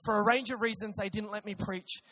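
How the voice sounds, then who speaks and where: A young man, a preacher, telling an excitable personal testimony story with many restarts. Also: high-pitched, fairly quick. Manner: animated, excitable, with frequent restarts.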